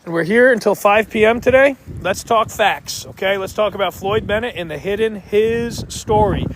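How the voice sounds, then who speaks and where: Guy with a high voice doing a phone live stream outside, pumping up his viewers, lots of street noise. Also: moderate pace, a bit bright. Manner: upbeat, addresses viewers directly, hypes the stream. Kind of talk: outdoor live stream chat. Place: outdoors in a town square by a bandstand. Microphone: phone camera. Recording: noisy outdoor street sound.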